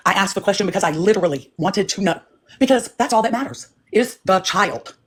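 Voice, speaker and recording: A woman's voice: mid-range voice, expressive, a little fast, breathy edge. An older woman on a livestream who argues firmly and keeps insisting that she is being respectful. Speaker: livestream guest. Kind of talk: heated livestream argument.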